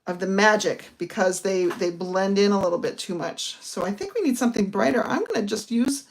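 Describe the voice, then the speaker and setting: With lively intonation and a fairly quick pace, a middle-aged woman from the northern United States explains a card-making project stage by stage. She's a papercraft instructor giving a casual crafting demonstration in a medium-pitched voice.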